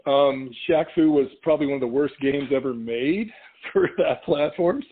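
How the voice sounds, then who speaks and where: A middle-aged man from California, a podcast guest telling stories in casual chat, animated and quick to laugh as he acts out what people said. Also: a little high, a little hiss or hum. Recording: tinny phone-like line.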